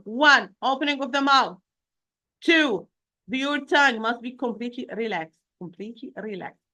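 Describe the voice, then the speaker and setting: A woman's voice: high-pitched, sharp tone. Patient woman teaching recitation. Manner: patient, repeats and checks with "okay?"; demonstrates sounds slowly. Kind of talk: online lesson.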